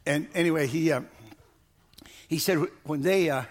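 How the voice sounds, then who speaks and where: A man's voice: a little high, moderate pace. A man preaching a sermon in a folksy, storytelling way, often repeating words and building up to emphatic outbursts. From Missouri. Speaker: pastor.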